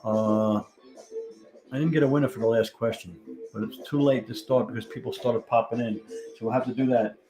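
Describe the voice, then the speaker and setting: A man's voice: medium pitch, fairly even intonation, brisk, a crowd in the background, low-quality recording. A man hosting a live-stream trivia game, chatting casually and reading out viewers' answers as they come in. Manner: chatty, thinks aloud, reads out viewer answers. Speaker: livestream trivia host.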